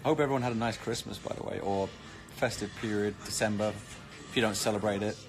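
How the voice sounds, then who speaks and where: A man's voice: fairly low pitch, fairly even intonation, fast, music in the background. A British man chatting casually on a live stream, reading comments with cheeky, joking banter. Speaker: actor streaming live to fans.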